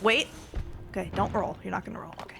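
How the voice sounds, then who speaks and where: A woman's voice: mid-range voice, fast talker, vocal fry, music in the background. A woman streaming casually, playful and giggly, trying out silly voices between chatting with viewers.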